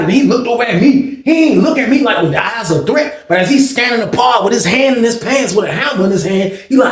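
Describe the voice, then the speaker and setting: Animated high-voiced man telling a story. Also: fast, hardly any pauses, roomy sound. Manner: animated, acts out voices of others, slangy. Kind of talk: casual storytelling.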